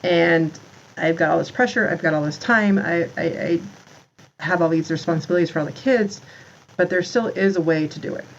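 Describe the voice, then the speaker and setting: A woman's voice: fairly low pitch, moderate pace, muffled recording, slight background noise. A woman in her thirties, a podcast guest, talking in a rambling way about motherhood, full of "like" and restarts. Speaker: podcast guest, founder of a moms' community. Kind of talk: casual interview talk.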